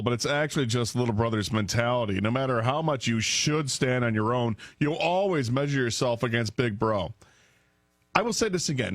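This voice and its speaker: Brief: male sports talk radio host, opinionated, mid pitch, dry studio mic. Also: no echo. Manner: opinionated, argues with emphasis. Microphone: studio microphone.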